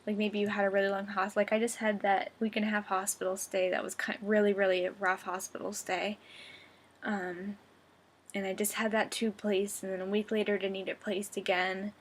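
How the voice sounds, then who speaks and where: A young woman vlogging from bed in a casual video diary, groggy and drowsy, rambling in a soft, chatty, giggly way. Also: medium pitch, level tone, moderate pace. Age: young adult. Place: at home, sitting up in bed.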